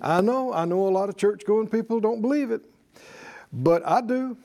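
A man's voice: high voice, normal speed, warm tone. A man preaching a sermon to a congregation, emphatic and leading them in call-and-response. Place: church service with congregation.

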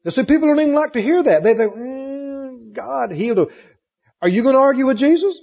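A man's voice: extremely high pitch, big pitch swings, very fast, a little mellow. A man preaching a sermon with emphatic, repetitive phrasing, asking the congregation questions. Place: church hall with congregation. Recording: muffled recording in a hall with long reverb.

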